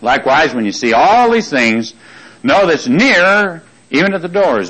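A man's voice: on the high side, very animated, normal speed, fairly bright tone, husky, low-quality recording. A man preaching a sermon who reads scripture aloud, quizzes his congregation and repeats lines for emphasis. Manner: reads scripture aloud in King James wording.

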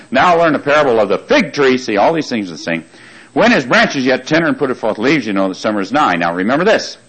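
A man's voice: lowish voice, a bit bright, low-quality recording. A man preaching a sermon who reads scripture aloud, quizzes his congregation and repeats lines for emphasis. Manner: reads scripture aloud in King James wording.

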